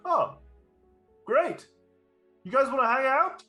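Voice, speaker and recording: A man's voice: very high voice, lively intonation, takes it slowly, bright, forceful tone, faint music behind, voice pushed up, heavily acted. A lonely, friendly stone guardian who is desperate for company and chats eagerly, his voice bouncing up and down as he talks, played by a man at the table. He speaks in an easygoing, talkative way, right in the middle of improvised tabletop role-play.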